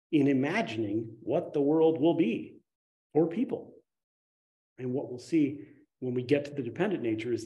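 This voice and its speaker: A man giving a conversational dharma talk as a meditation teacher, telling stories with sudden excited rises. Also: medium pitch.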